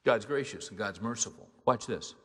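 A pastor with a lowish, slightly rough voice preaches a sermon at normal speed. He is emphatic and conversational, putting rhetorical questions to the congregation, and a long hall reverb surrounds his words.

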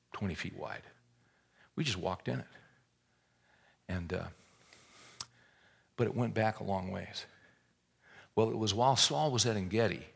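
A man's voice: lowish voice, creaky, a bit bright. A man preaching a sermon, retelling a scripture story in a folksy, joking way and often repeating words as he restarts a thought.

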